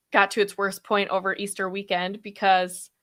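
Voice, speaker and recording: A woman in her thirties hosting a podcast live stream, talking fast and chatty with frequent laughs, her throat a little sore after being ill. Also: medium pitch, a bit bright. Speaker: podcast host. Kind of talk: casual live stream chat.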